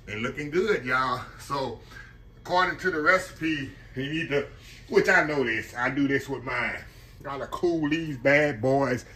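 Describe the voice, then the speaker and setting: Bright-voiced chatty man. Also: on the high side. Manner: chatty, folksy, keeps calling the audience y'all. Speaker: cooking channel host. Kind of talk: casual cooking vlog.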